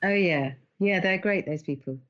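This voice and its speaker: A middle-aged woman, an animated storyteller who laughs often as a podcast guest. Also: fairly low pitch, moderate pace, lo-fi sound. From England. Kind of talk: conversational interview.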